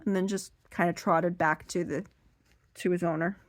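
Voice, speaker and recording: A woman telling a rambling, self-deprecating stand-up story while seated, now and then bursting into loud high acted voices, her voice a little strained. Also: fairly even intonation, moderate pace, dry recording. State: strained voice from being too loud. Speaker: stand-up comedian.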